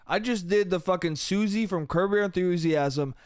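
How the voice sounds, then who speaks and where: Smooth-voiced guy ranting, swearing constantly. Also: sits high, normal speed, no echo, clean studio sound. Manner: profane, rambling, self-mocking, says dude and bro. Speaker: podcast host. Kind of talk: solo comedic podcast rant.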